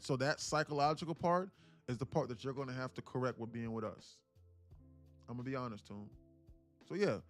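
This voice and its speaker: A man's voice: medium pitch, fairly bright tone. A man coaching viewers on a live stream about trading. He talks bluntly, swears casually and keeps calling out to his audience.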